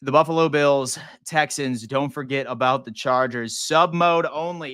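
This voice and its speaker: A man's voice: mid-range voice, moderate pace, a bit bright, clean tone, dry recording, studio quality. A young man from Western New York hosting a casual football live stream, loose and profane, greeting his chat as he talks. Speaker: sports live stream host.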